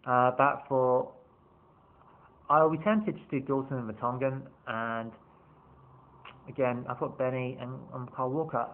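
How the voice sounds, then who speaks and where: A football fan vlogger rambles through a casual preview of his team's upcoming matches, restarting sentences and occasionally swearing. His medium-pitched voice stays steady and a little slow, with frequent pauses. The sound is tinny, like a phone.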